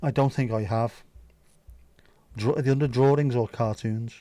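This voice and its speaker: A man's voice: medium pitch, fairly even intonation, normal speed, dark tone, no echo. A man hosting a casual livestream, chatting loosely, reading out viewer comments and joking around with plenty of swearing. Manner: rambling, jokey, swears freely. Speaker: livestream host.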